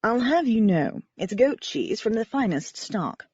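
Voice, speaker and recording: A woman voicing a fussy, uppity man with a British accent who drawls and chides, his voice husky and silken. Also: a little high, big pitch swings, a little slow, a little mellow, no room sound, muffled recording, heavily acted. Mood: chiding. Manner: drawling, haughty.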